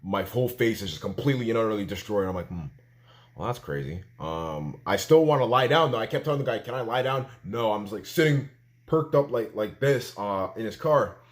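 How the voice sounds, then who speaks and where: A young man from Canada telling a story in a casual vlog, animated and full of fillers, acting out what he said at the time. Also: on the low side, a little fast. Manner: animated storytelling, filler-heavy, acts out his own quotes. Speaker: vlogger.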